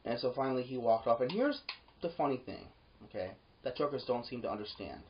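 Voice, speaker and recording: A security guard tells a workplace story in a loose, casual monologue. The pitch swings up when the story gets heated and drops low for the asides. The recording sounds dull and lo-fi. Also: expressive, brisk, slight background noise. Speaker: yard gate security guard.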